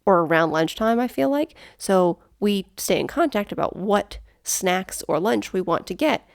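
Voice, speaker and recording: Low gravelly woman, dry close sound. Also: animated, normal speed, dry recording. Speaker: podcast co-host. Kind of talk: casual chat.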